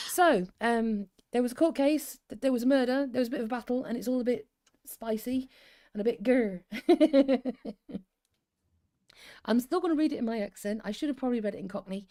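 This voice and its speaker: A woman's voice: on the high side, warm tone. A woman in her fifties from England, co-hosting a livestream in a chatty, rambling way and often laughing, who reads stories aloud. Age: 50s. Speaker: co-host reading stories. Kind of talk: casual livestream chat and story reading.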